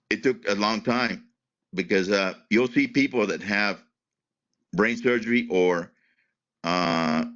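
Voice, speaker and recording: A man speaks slowly in a bright, forceful voice, stopping and starting as he recounts his story, repeating his words. The recording sounds muffled and lo-fi. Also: lowish voice. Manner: halting, repeats words, restarts sentences. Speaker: interviewee, retired Air Force veteran. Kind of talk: emotional personal account in an interview.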